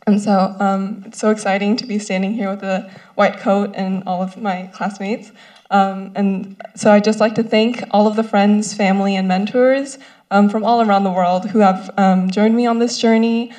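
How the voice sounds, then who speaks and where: A young woman in her twenties, a medical student giving a tearful, laughing ceremony speech with many pauses. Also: mid-range voice, fairly even intonation, a little mellow. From born in South Korea, raised in the US. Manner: tearful, laughing through tears, many ums. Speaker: first-year medical student. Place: ceremony stage.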